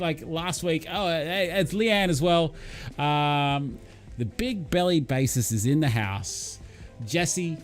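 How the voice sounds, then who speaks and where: A man's voice: a little high, slow pace, faint music behind. A man hosting a casual livestream, chatting and answering viewers in a chummy, rambling way. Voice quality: rambling, full of fillers and restarts, chummy. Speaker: channel host reading live chat.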